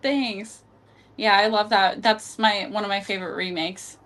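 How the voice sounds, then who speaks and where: A woman's voice: mid-range voice, steady tone, a little slow, fairly bright tone. Chatty woman, full of "like"s. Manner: chatty, fills speech with "like". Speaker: podcast guest. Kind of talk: casual chat.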